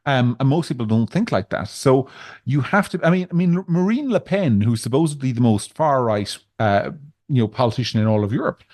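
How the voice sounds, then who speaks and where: A man's voice: mid-range voice, lively intonation, a little fast, darkish tone, no echo. A man with an Irish accent co-hosting a podcast, talking in a discursive, wry way with frequent restarts. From Ireland. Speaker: podcast co-host. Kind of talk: casual political chat.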